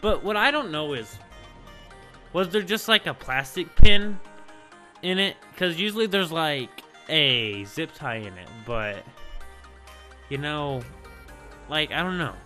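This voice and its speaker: Young male vlogger, slightly high and sharp-toned, excitable rambler with heavy filler words. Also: slow, pauses often, faint music behind. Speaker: gaming channel host. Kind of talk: casual storytelling vlog.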